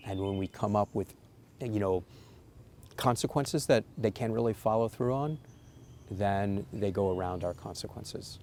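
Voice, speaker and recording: A man's voice: deep voice, a little mellow, a little hiss or hum. A man giving an earnest, coaching talk to parents, stressing key points with emphasis. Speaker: parenting educator. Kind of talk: instructional talk to camera.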